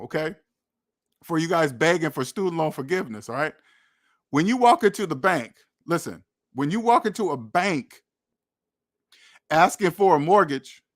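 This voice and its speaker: Young guy ranting about money, preachy and scolding, kinda high voice. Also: fairly bright tone. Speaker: finance channel host. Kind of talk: blunt financial commentary.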